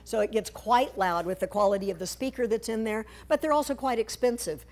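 A woman's voice: a little high, fairly quick, darkish tone. A woman speaking to a church congregation about a mission trip, walking through slides in a conversational, humorous way with playful asides. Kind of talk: church talk presenting slides. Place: church sanctuary.

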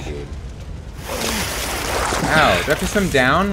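A man's voice: medium pitch, very animated, moderate pace, long pauses, background noise. A young man giving live gameplay commentary as a streamer, jumpy and swearing, with sudden yelps and squeals. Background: game music.

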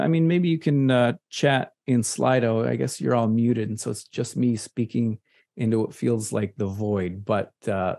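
A man from Michigan with a Midwestern American accent, presenting a casual, playful software tutorial over a video call. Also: medium pitch. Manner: playful, nerdy asides, chatty and relaxed. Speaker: presenter at an online meetup. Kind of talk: casual screen-share tutorial. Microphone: computer mic on a video call.

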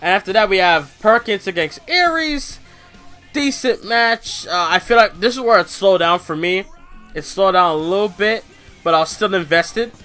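A man's voice: sits high, animated, moderate pace, pushed and bright, clean tone, soft background music. A young man casually recapping a wrestling show in slangy, rambling talk full of fillers.

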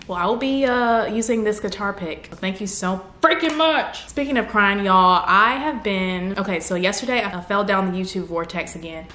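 A young woman from North Carolina, chatting excitedly as she opens fan mail at home for her vlog. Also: mid-range voice, a little hiss or hum. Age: young adult. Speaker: vlogger. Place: room at home. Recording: echoey room with faint ambience.

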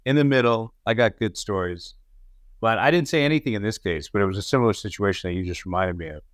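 A man co-hosting a podcast, telling his acting-set stories in an animated way and swearing casually. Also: on the low side, quick pace, no room sound, studio quality. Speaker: podcast co-host and actor. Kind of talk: casual storytelling chat.

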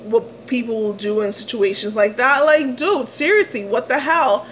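A young woman vlogger telling a story, animated and indignant, swearing often and acting out the dialogue in a shrill, pleading voice. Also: normal speed, hardly any pauses, a little hiss or hum, low-quality recording. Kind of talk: story time retelling.

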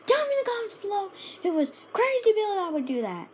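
A woman giving frantic, excited commentary while playing a shooter game, often shouting and yelping. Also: high-pitched, normal speed, hardly any pauses, a little hiss or hum. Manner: frantic, shouts and yelps at the action. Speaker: gaming video creator.

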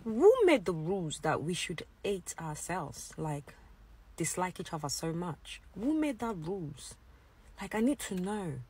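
UK mum, husky lowish voice, exasperated vlog rant. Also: female voice, sing-song, a little slow, a little mellow. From United Kingdom. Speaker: mother.

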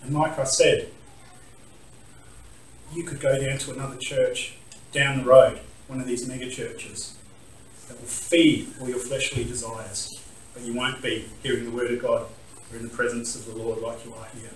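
A man's voice: medium pitch, level tone, normal speed. A man giving an emotional sermon testimony in a church, laughing at himself and acting out what others said. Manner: emotional, laughing at himself, acts out quoted voices. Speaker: guest preacher. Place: church sanctuary. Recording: echoey church hall from far off.

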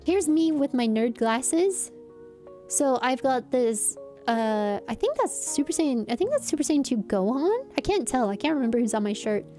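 A woman's voice: sits high, big pitch swings, moderate pace, dark tone, soft background music. A young woman telling stories in a rambling, giggly vlog chat. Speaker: streamer.

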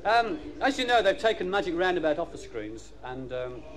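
A man's voice: a little high, big pitch swings, moderate pace, crowd noise. A man performing live stand-up comedy, rambling and hesitant with many fillers. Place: theatre stage before an audience. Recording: noisy live recording with loud audience laughter.

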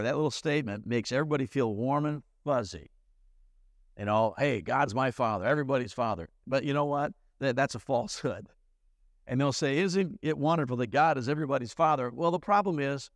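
A man's voice: mid-range voice, no echo, studio quality. A middle-aged man, a pastor, preaching a sermon in a church in a plain-spoken way with folksy asides. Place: church sanctuary.

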